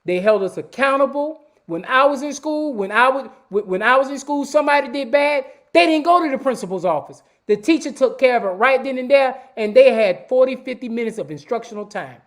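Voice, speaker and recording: A man's voice: extremely high pitch, animated, brisk, few pauses. A middle-aged man hosting a live-stream talk show, speaking in an emphatic, preachy way, repeating words and calling out to viewers as y'all. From Savannah, Georgia, US. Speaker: host.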